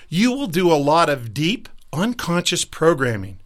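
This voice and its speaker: A man with a fairly high speaking voice delivers a motivational talk as a life coach. He speaks emphatically and slips into the voices of the people he quotes. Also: big pitch swings, moderate pace.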